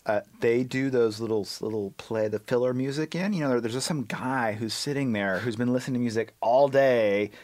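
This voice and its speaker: A man being interviewed as a guest reporter, talking in an animated way that stops and restarts often. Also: mid-range voice, dry recording. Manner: animated, halting, many restarts. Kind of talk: conversational interview.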